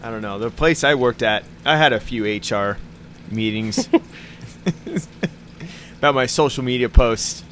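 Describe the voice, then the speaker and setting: A man's voice: medium pitch, lively intonation, slow, pauses often, fairly bright tone, slight background noise. A man hosting a podcast in casual chat, laughing often and swearing freely. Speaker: podcast host.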